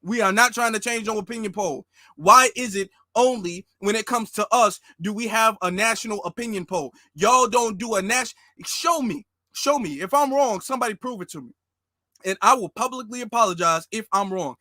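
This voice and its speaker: Fiery high-voiced man with a bright edge. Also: a little fast, dry recording, clean studio sound. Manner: fiery, repetitive, emphatic. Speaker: political commentary host. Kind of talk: casual monologue commentary.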